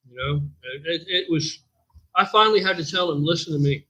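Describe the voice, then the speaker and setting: Husky, profane man telling a story. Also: fairly high pitch, fairly quick, poor audio. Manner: profane, rambling, animated anecdote telling. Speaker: gym owner and storyteller. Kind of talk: casual livestream storytelling.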